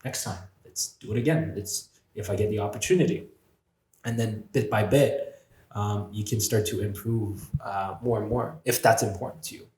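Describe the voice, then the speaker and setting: A man's voice: lowish voice, moderate pace, a little mellow. A man, a podcast guest, telling a candid personal story in a reflective way, swearing freely and acting out his own inner voices. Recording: roomy echo.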